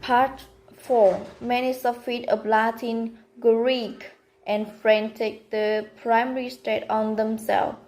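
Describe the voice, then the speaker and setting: A woman whose first language is Vietnamese, reading a prepared class presentation slowly and carefully, pausing between words. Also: on the high side, little pitch movement, a little mellow, low-quality recording. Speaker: student presenter.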